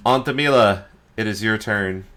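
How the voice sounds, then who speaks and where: A man acting as game master, running a tabletop game in a relaxed, self-deprecating way and counting out moves aloud. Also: on the low side, normal speed.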